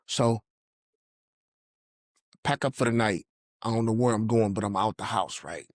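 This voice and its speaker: A man's voice: lowish voice, normal speed, long pauses, dry recording, clean studio sound. A man sharing a personal faith testimony in earnest storytelling, acting out the voices of people he quotes. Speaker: podcast guest telling his testimony.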